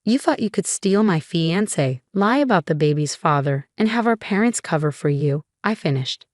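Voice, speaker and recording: A woman reading a scripted first-person story in an even, measured way. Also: on the low side, dry recording, clean studio sound.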